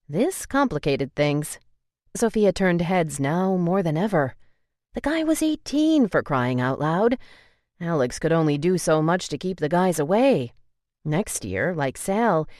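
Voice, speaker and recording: Woman reading an audiobook, low voice, very lively, dry close sound. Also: dry recording. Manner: expressive storytelling. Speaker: audiobook narrator. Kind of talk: scripted narration.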